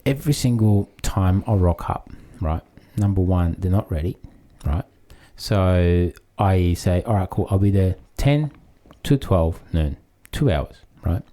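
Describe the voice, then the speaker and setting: A man's voice: low voice, animated, a little slow, hardly any pauses, dark tone. A man co-hosting a casual chat, talking in a loose, rambling way. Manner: loose and chatty, lots of fillers and "mate". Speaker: podcast co-host.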